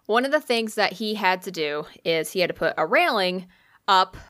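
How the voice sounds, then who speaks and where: A woman's voice: mid-range voice, animated, normal speed, a bit bright, dry recording. A woman casually telling a funny story on a podcast, full of "like" and "bro", swearing freely and laughing along. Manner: profane, laid-back, heavy use of "like" and "bro"; laughs through her own story. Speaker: podcast co-host.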